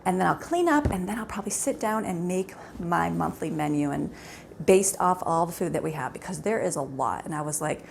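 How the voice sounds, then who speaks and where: A woman's voice: fairly low pitch, animated, brisk, gravelly, a little hiss or hum. A woman in her thirties chatting casually to the camera at home, rambling along with many fillers. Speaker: vlogger, mother of a large family.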